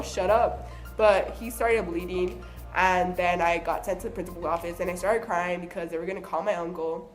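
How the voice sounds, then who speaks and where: A young woman vlogger telling childhood stories in a casual, animated way, often acting out what people said. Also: medium pitch. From Southern California. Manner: chatty, animated, acts out quoted voices. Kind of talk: casual storytelling.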